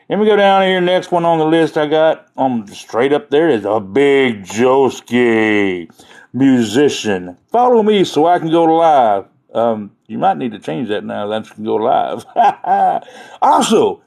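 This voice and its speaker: Man, live streamer, mid-pitched voice, rambling, jokey, casual chat. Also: darkish tone.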